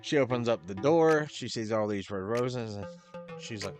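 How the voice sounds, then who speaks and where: A man's voice: fairly low pitch, moderate pace, music in the background. A man hosting a podcast, recapping a wrestling show in a casual, profane way and quoting the wrestlers in loose impressions. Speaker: podcast host.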